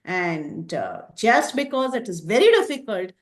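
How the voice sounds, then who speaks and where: Woman doing a fearless monkey envoy, steady and firm, echoey room. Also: mid-range voice, unhurried. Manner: steady, plain denials. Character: calm male monkey messenger, firm and fearless.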